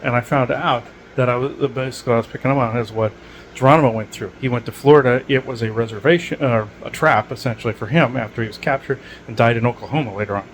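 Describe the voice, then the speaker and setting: A man's voice: medium pitch, fast talker, slight background noise, low-quality recording. A man hosting a podcast, talking in a loose, digressive monologue with many filler words and restarts. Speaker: podcast host. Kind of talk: rambling casual monologue.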